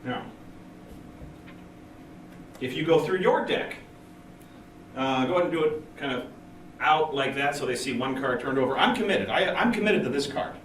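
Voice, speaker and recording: A man giving a conference talk to a room of engineers, chatty and lively, acting out the people in his stories. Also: a little high, normal speed, pauses often. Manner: lively, conversational, acts out quoted people. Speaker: conference speaker. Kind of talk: technical conference talk with storytelling. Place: meeting room at a user group event. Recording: roomy and distant with faint noise.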